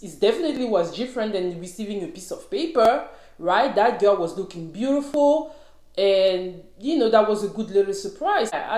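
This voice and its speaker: A young woman recaps a reality show in a casual, opinionated chat, talking straight to her viewers. Her voice sits at a middle pitch. The room around her rings with echo. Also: darkish tone. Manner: chatty and opinionated, addresses viewers as y'all.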